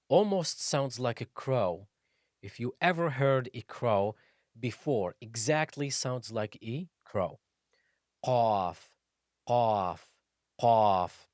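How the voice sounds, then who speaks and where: A man's voice: medium pitch, dry recording, studio quality. A man teaching the pronunciation of Arabic letters, explaining each sound patiently and repeating it several times, with recited examples. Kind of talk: slow instructional explanation with Quran recitation.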